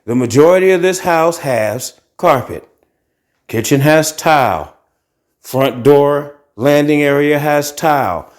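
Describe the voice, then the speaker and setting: A man's voice: fairly high pitch, lively intonation, slow pace. A middle-aged man from Ohio hosting a podcast, ranting bluntly and profanely as he walks around his apartment. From Akron, Ohio. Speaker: podcast host. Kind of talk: casual monologue vlog. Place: carpeted apartment living room, walking into tiled kitchen.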